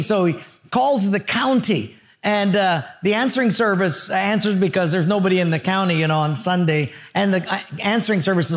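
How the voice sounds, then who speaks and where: An older male pastor preaching a sermon, telling stories with lively character voices. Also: high-pitched, brisk. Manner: storytelling with animated character voices.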